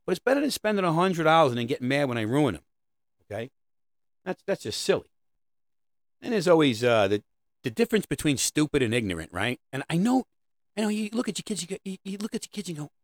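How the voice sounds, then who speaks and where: A middle-aged man riffs through a comedic monologue in a sarcastic, rambling, conversational way. His pitch swings widely as he talks. The recording is dry and close. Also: sing-song, fast, no room sound. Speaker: comedic host.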